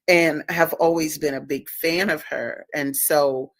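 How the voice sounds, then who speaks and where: A woman's voice: low voice, unhurried, few pauses, no room sound. A woman hosting a livestream and talking about her own book in a casual, emphatic, preachy way, repeating words for stress. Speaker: host and author.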